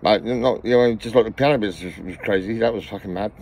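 A man's voice: on the low side, fast, darkish tone, slightly rough. A middle-aged man from England, out of breath, rambling and swearing constantly in a personal vlog. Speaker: vlogger.

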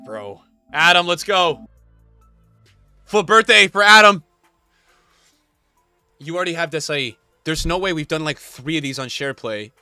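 A man's voice: mid-range voice, fairly bright tone. A young man streaming a pack opening, hyped and chatty, talking straight to his chat. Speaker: gaming streamer.

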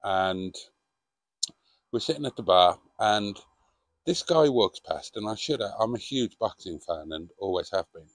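A man's voice: on the low side, lively intonation, measured pace, dry recording. A middle-aged man reminiscing in a casual vlog monologue, rambling and hesitant with frequent ums. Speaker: vlogger.

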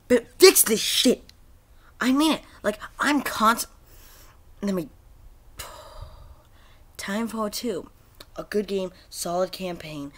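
A man's voice: high voice, a bit bright. A man ranting in frustration about a video game, swearing constantly and rambling with many fillers and restarts. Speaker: gaming video creator. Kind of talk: angry gaming rant.

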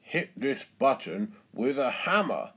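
A man voicing a hearty male bull who runs a fairground game, with a loud, hearty laugh. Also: medium pitch, sing-song, slow, husky, full character voice. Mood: instructing.

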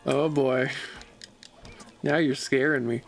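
A man's voice: medium pitch, steady tone, slow pace, faint music behind. A man streaming a game and chatting casually, laid-back and joking at his own expense. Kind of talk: casual gaming livestream chat.

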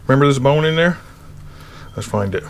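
Excited man tasting his barbecue. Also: mid-range voice, brisk, noisy background. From Pennsylvania. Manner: enthusiastic, tasting and reacting with pleased murmurs. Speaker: cooking video host. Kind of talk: casual cooking vlog.

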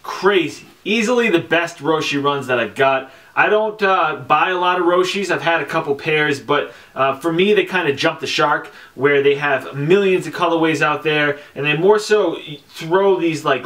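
A young man talking casually on camera about his sneaker collection, chatty and relaxed, with lots of fillers and slang. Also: on the high side. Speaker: sneaker vlogger. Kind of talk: casual product review.

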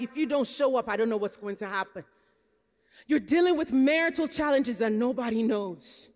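High-voiced woman preaching in a reverberant hall. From Nigerian American. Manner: storytelling, rising to emphatic preaching. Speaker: pastor. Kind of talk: sermon. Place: conference hall.

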